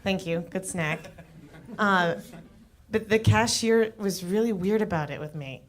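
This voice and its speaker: A woman's voice: medium pitch, a little slow. A young adult woman delivers a stand-up set on a comedy club stage. She is chatty and self-deprecating. Her delivery is loose and full of casual fillers.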